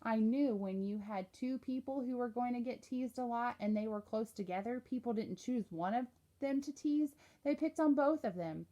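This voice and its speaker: A woman's voice: fairly high pitch, normal speed, warm tone. Woman reading a story steadily. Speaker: audiobook narrator. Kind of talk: reading a novel aloud.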